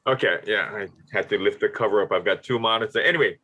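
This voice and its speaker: A man with a Hawaii Pidgin accent, a pastor telling lively stories on a video call through his laptop mic. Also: lowish voice, quick pace, low-quality recording. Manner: lively storyteller mixing Pidgin and standard English. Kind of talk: casual talk on a video call.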